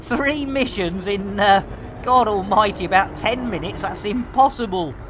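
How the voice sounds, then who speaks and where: A woman chatting casually and jokily to her viewers while she plays a game live, full of slang and quick to laugh. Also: medium pitch, a crowd in the background. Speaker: game streamer. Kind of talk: casual live-stream chat while playing.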